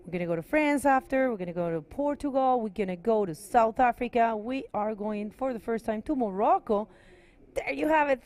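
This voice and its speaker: A woman speaking English as a second language, co-commentating a live sports stream in a friendly, slightly halting way. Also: a little high, darkish tone. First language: not English.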